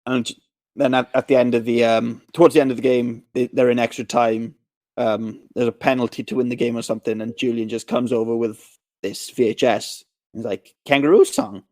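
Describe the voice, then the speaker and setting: Male podcast co-host, mid-pitched, chatty recap with acted-out bits. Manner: animated retelling, acting out scenes in quick voices. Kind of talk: casual movie recap chat.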